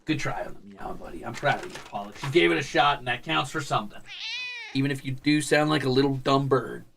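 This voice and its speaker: A man's voice: medium pitch, fairly quick, vocal fry, a bit bright, slight background noise. A young man streaming casually, coaxing and teasing his pets with a playful, casual cursing manner. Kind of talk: casual live stream chat.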